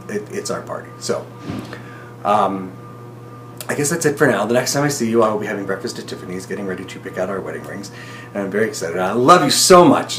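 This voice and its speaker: A young man talks straight to the camera in a rambling, excited video diary, his voice close to tears at times. The room rings with echo, and soft music plays faintly underneath. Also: mid-range voice. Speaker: groom-to-be recording video messages to his partner.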